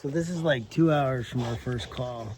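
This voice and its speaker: A man's voice: medium pitch, normal speed, a little mellow, reverberant, a little hiss or hum, low-quality recording. A man caring for animals at a sanctuary, chatting casually to the camera and slipping into cooing baby talk with the animals. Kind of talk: casual vlog narration.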